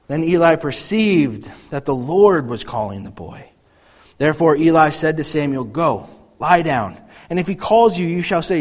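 A man preaching a sermon, reading scripture and acting out the voices in the story with animated energy. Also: high voice, normal speed, big-room sound. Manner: animated, acts out biblical voices. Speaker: pastor.

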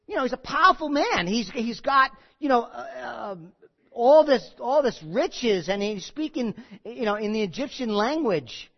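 An animated pastor preaching an expository sermon, with a voice that swings widely in pitch. The delivery is conversational, and key lines get repeated for emphasis. The recording sounds dull and lo-fi. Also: a little slow, creaky. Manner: animated, asks the congregation questions. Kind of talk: sermon, expository Bible teaching.

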